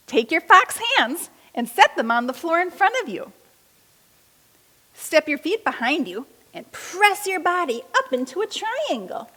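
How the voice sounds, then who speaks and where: A woman with a high, animated voice guides children through yoga poses, giving slow, encouraging step-by-step instructions. Her phrases carry a long hall reverb. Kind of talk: guided kids' yoga with story reading.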